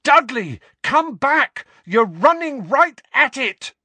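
A man voicing a desperate teenage wizard, urgent and shouting. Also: very high-pitched, sing-song, takes it slowly, no echo, pitched above the performer's own voice, heavily acted. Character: desperate young wizard boy under attack.

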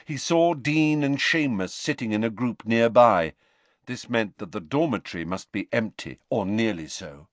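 A male audiobook narrator reading in an expressive, measured way, his pitch rising and falling freely around a mid-range voice. The recording is dry and close, with no room sound. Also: no echo. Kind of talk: scripted narration.

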